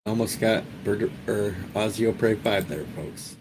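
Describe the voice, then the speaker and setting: A man's voice: fairly low pitch, unhurried, noisy background. A man hosting a live stream, chatting casually and joking as he wraps up the show. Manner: joking, rambling. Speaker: livestream host.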